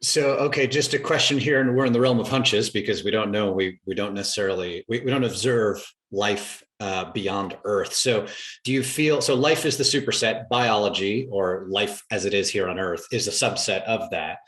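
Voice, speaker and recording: A man hosting a podcast interview, asking a question in a halting way, thinking aloud with restarts. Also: fairly low pitch, a bit bright, echoey room. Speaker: podcast host.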